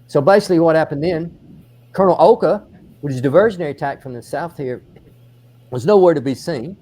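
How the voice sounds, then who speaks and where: A man with an Australian accent, a military historian giving an on-site battlefield explanation, telling the story in animated detail with frequent restarts. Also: on the high side, quick pace. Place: outdoors on a battlefield.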